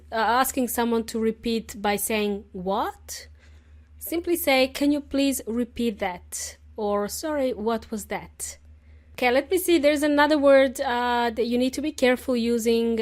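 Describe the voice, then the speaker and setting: A woman hosts an English lesson podcast, explaining polite phrases slowly and often checking in with "okay?". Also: a little high. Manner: friendly, explains slowly and spells out words; laughs often, says okay often. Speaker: English teacher and podcast host.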